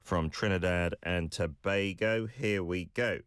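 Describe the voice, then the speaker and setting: A man's voice: low-pitched, a little slow, fairly bright tone, smooth, dry recording, studio quality. A man hosting a language lesson, patiently giving encouraging feedback on listener clips.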